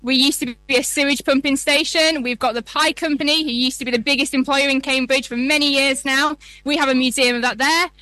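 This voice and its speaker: A woman's voice: high voice, fairly even intonation, fairly quick, few pauses, sharp tone, no echo. A woman with a Yorkshire accent, a museum guest explaining things in a chatty live radio interview outdoors. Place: outdoor event.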